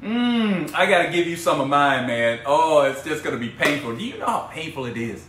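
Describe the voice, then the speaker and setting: An animated man hosts a casual live stream as a business coach, playful and teasing with his viewers. His voice is bright and swings widely in pitch. The room is echoey, with a faint hum of ambience behind him. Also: moderate pace.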